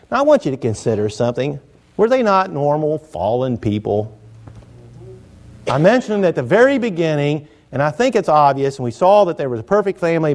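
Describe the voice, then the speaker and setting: A middle-aged man preaches a sermon with a slightly high-pitched voice. He tells it in a folksy, joking manner, pressing hard on some lines and dropping to quiet asides on others. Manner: folksy, jokey, swings between loud emphasis and quiet asides.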